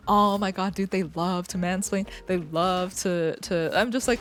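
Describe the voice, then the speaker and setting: A young woman talks on a live stream in a loose, rambling way, swearing freely and joking along the way. Her voice sits a little low for a woman. Faint music plays softly underneath. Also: moderate pace, few pauses. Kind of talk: casual live-stream chat.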